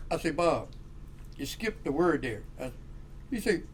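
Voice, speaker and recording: A man's voice: a little high, normal speed, slightly rough. A man telling a long funny story in casual chat, acting out the voices of the people in it and laughing often. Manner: animated, acts out quoted voices, laughs often. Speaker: guest storyteller.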